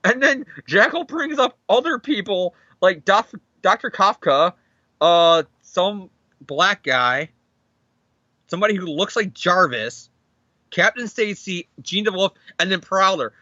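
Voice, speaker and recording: A man co-hosting a comic book podcast, his bright, lively voice swinging all over as he rants and swears about the story. The sound is dry and a little dull and lo-fi. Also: high-pitched, unhurried, dry recording. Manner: animated, profane, mocks characters in silly voices. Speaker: podcast co-host. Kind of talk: casual comic book discussion.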